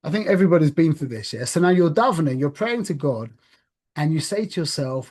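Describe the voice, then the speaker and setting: Guy giving a loose spiritual talk, kinda higher voice, keeps going "yeah?" and restarting himself. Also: animated, brisk, darkish tone. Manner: conversational, frequent "yeah?" check-ins, restarts. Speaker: religious speaker.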